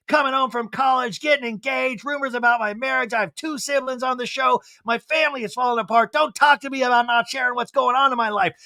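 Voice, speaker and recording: A man's voice: very high-pitched, vocal fry, pushed and bright, dry recording, pitched above the performer's own voice, heavily acted. A man impersonating a dramatic, defensive middle-aged woman reality star, huffy and indignant as she rattles off grievances.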